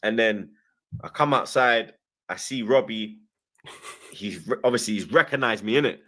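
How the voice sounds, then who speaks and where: A young man with a London accent tells an animated story, full of slang, acting out the voices of the people in it. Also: on the low side, moderate pace. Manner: lively, slang-heavy, acts out quoted voices. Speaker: guest.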